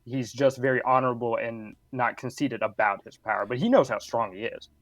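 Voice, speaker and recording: A man co-hosting a casual podcast, agreeable and explaining his views in a measured way. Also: mid-range voice, fairly bright tone, no echo. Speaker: podcast co-host.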